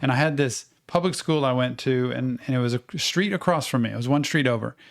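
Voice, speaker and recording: An animated middle-aged man with a light twang, spinning long stories on a casual podcast. His voice sits at a middle pitch and bounces as he acts out what people said. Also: fairly quick, gravelly. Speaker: podcast co-host. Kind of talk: casual storytelling.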